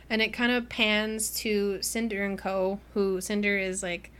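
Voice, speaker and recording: A young woman co-hosting a book podcast, recapping the story in a casual, animated way with lots of laughter and "like" fillers. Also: medium pitch, measured pace, clean tone.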